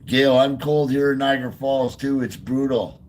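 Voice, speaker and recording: A man's voice: medium pitch, steady tone, normal speed. Man, live-stream host, casual chatty greetings to each viewer, ordinary mid-range voice, outdoor phone sound with faint noise. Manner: greets viewers by name one after another; soft baby talk to his dog. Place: outdoors in freezing cold by a river.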